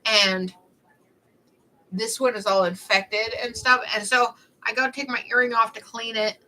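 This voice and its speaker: A woman's voice: on the high side, fairly even intonation, unhurried, sharp tone, low-quality recording. A young woman chatting casually on a livestream, telling rambling stories in a snarky, talkative way.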